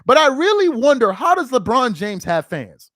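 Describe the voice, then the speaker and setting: Ranting reaction host, incredulous and loud, high lively voice, dry sound. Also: male voice, moderate pace, no echo. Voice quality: exasperated, incredulous, loud outbursts. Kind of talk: ranting commentary over a played clip.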